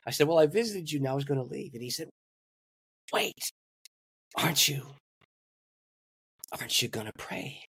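Older male pastor, lively storyteller, slightly husky, dry close mic. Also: normal speed, pauses often, dry recording. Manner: animated storyteller, acts out dialogue with big pitch swings. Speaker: pastor and guest. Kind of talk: storytelling in a podcast interview.

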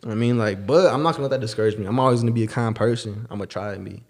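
A man's voice: on the low side, very fast, darkish tone. A young man co-hosting a podcast, telling a story in casual slang and acting out the people he quotes. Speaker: podcast co-host.

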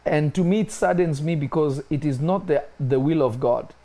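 Emphatic preaching man, higher voice. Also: normal speed, warm tone. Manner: emphatic, repeats key phrases, rises in pitch when stressing points. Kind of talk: preaching discussion.

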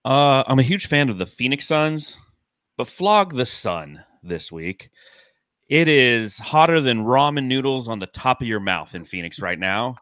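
A man from Arizona chats wryly on a podcast, joking in a bright, forceful voice. The recording is dry, with no room sound. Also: mid-range voice, animated, a little slow, dry recording. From Arizona, United States. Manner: wry, joking. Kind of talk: casual chat.

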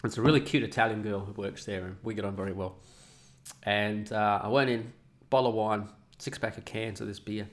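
A man's voice: lowish voice, steady tone, a little fast. A middle-aged man telling a story and ranting casually, swearing a lot. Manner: profane, ranting, mocking voices. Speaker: vlogger.

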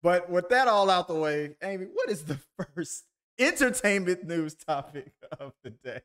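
Man, podcast co-host, video call, rambling, self-deprecating, many restarts, slightly high pitch. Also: very animated, moderate pace, a bit bright. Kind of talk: casual chat.

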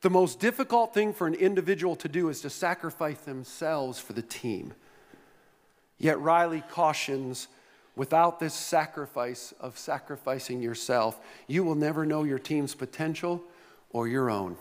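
A man's voice: on the high side, normal speed. A male pastor delivering a sermon, telling stories with playful humor and asking the congregation questions. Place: large church hall. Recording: long reverb of a church hall.

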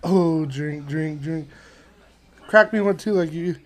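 High-voiced young man joking on a podcast. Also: takes it slowly. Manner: laughs often, joking and teasing. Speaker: podcast host. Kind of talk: casual podcast chat.

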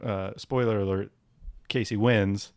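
A man's voice: fairly low pitch, steady tone, measured pace. A man chatting casually as a podcast co-host, laid-back and self-deprecating. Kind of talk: casual chat.

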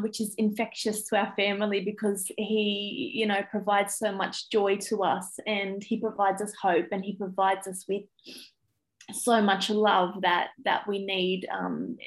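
A woman's voice: mid-range voice, poor audio. Australian woman on a podcast, kinda teary, lots of ums, talking about her family. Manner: emotional, tearful, many fillers. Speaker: guest, primary school teacher. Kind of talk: casual interview chat.

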